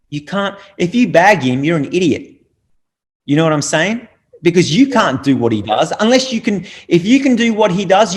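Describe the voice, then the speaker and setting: A middle-aged man holds forth in a casual podcast conversation. He talks bluntly and preachily and swears freely. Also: a little high. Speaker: podcast guest.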